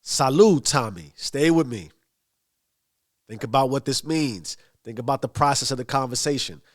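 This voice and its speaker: A man's voice: medium pitch, normal speed, a bit bright. A man giving a motivational monologue, emphatic and given to long lists. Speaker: motivational speaker.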